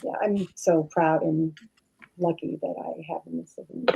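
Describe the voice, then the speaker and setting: Actress lady guest on a call, husky voice with some fry, lots of um and you know. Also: low voice, flat delivery, a little slow, dark tone, low-quality recording. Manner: rambling, many fillers and restarts. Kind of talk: casual interview chat.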